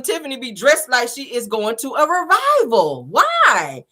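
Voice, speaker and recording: A woman gives sassy, animated commentary as the host of a show. Her pitch swings up and down a lot, and she laughs easily between her remarks. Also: normal speed. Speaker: host reviewing a reality show. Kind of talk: casual commentary.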